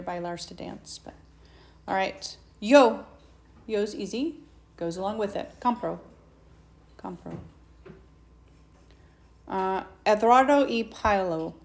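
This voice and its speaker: Slow, patient woman teacher. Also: medium pitch. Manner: slow patient explaining, asks students questions. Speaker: Spanish teacher. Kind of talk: recorded whiteboard lesson. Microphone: tablet mic.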